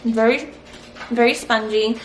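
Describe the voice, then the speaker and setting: A woman's voice: fairly high pitch, fairly even intonation, a little slow. A woman testing a recipe in her home kitchen for a cooking vlog, chatty and frank, thinking aloud as she goes. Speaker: cooking vlogger. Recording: roomy kitchen echo, faint hiss.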